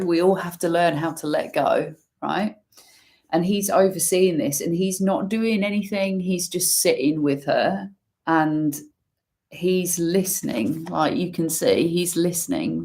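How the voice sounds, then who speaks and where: A woman giving an intuitive tarot reading, musing slowly and using many fillers as she talks through the cards. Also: low voice, a little mellow. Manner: slow, musing, full of fillers. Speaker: tarot reader.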